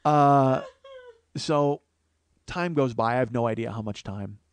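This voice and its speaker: A man's voice: mid-range voice, a little slow, clear, resonant tone, no echo. Profane man telling a personal story. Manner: profane, conversational, animated quotes. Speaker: podcast host, comedian.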